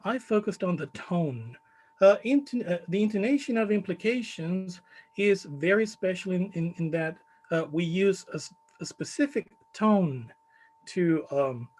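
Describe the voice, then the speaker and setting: A man with a Chilean Spanish accent presenting his study in a conference talk, measured and full of fillers. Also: sits high, animated, a little mellow, poor audio. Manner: measured, many fillers, stresses key words.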